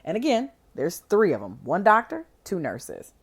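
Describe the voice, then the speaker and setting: A woman hosts a podcast and recaps a film in loose, chatty storytelling packed with fillers and slang. Her low-set voice swings widely in pitch as she gets caught up in the story. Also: wildly swooping pitch, moderate pace, husky. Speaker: podcast host. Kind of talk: casual movie recap.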